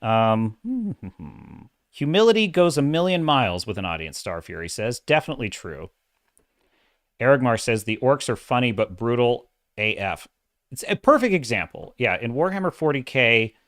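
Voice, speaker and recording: Man, middle-aged, livestream host, animated casual commentary, mid-pitched voice, dry close mic. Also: dry recording. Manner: animated, self-described dramatic, reads chat comments.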